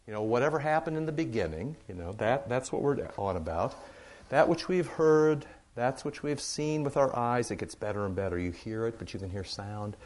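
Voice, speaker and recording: A middle-aged man, a pastor, giving church announcements and leading a Bible study in a rambling, good-humored way. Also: mid-range voice. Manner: chatty, warm-humored, rambling with fillers.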